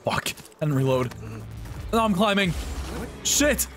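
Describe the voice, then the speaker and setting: A young man giving live gameplay commentary, excitable and often yelping and swearing at enemies. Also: high voice, measured pace, faint music behind. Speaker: streamer.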